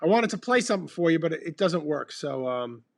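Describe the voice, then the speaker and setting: Drinking bourbon as he talks, this fifties-aged band member runs a relaxed, rambling livestream full of ums. He speaks fairly quickly in a sing-song, creaky voice that leans toward the high side.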